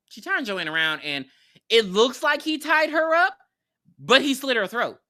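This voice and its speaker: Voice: sits high, unhurried. A podcast co-host recapping a horror movie in casual, slangy chat, telling it with laughs and acted-out lines. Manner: animated storytelling, laughs often, slangy and profane.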